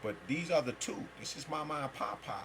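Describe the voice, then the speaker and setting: A man's voice: a little high, expressive, a little fast, background noise. A man giving a free-flowing spiritual talk as a teacher, rambling and emphatic, with heavy slang and profanity.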